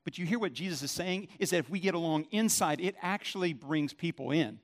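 A man's voice: a little high, animated, a little fast. A man, a pastor, preaching a sermon in an emphatic, conversational way.

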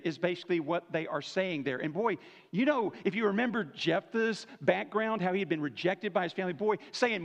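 Speaking a little fast in an expressive, high voice, a pastor preaches casually to his church in the sanctuary. Frequent "right?" tag questions check in with his listeners, and the recording has a dull, lo-fi church-hall quality.

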